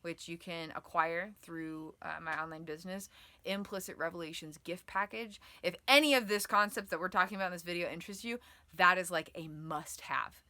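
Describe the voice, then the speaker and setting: A woman's voice: fairly low pitch, fairly quick, bright, forceful tone, no echo. A woman giving an online lesson on the nervous system, explaining with many fillers and sometimes acting out inner voices. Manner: explanatory, filler-heavy with frequent "like" and "um"; acts out inner voices dramatically. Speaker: trauma and nervous-system educator. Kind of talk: online teaching video.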